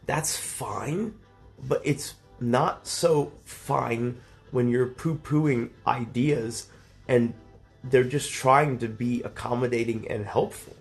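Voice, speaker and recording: A man's voice: mid-range voice, steady tone, slow, faint music behind. A man in his thirties arguing heatedly on a livestream, lecturing and exasperated, swearing often. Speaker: streamer.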